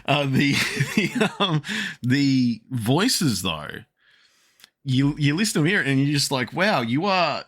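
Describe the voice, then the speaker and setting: A man's voice: medium pitch, very animated, takes it slowly, fairly bright tone. A man hosting a casual podcast chat, rambling with many restarts and frequent laughs. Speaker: podcast host.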